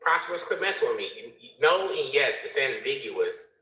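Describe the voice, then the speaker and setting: A man joining an online panel chat as a guest, telling stories in an excitable, rambling way. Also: medium pitch, fairly quick, reverberant, low-quality recording.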